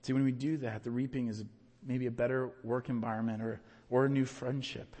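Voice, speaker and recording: A man preaching a sermon as a pastor, earnest, rising to emphatic peaks and then dropping low and quiet. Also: level tone, brisk. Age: adult with young children. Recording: reverberant hall.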